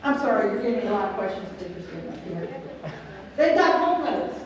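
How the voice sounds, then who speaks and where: A woman's voice: mid-range voice, sing-song, fast, highs cut off, crowd noise. A woman clinician coaching a string orchestra in rehearsal, counting beats aloud, singing counts and quizzing the players. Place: large convention rehearsal hall. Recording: echoey hall from far off.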